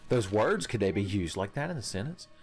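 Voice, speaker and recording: A man's voice: lowish voice, sing-song, fairly quick, faint music behind. A young man casually commenting on a video game as he plays, swearing and joking with his chat and laughing often. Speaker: streamer.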